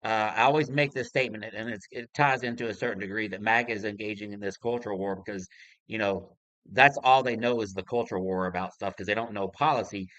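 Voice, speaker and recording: A man's voice: on the low side, quick pace, fairly bright tone, no room sound, lo-fi sound. A man hosting a casual conversation, opinionated, often restarting his sentences. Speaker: host.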